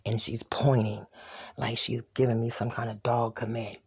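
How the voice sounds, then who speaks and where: An adult vlogger casually recounting a personal altercation while walking through a home, often dropping into a hushed whisper and acting out the quoted lines. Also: mid-range voice, little pitch movement, moderate pace. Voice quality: raspy, gravelly. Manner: reenacts quoted dialogue. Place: inside a home.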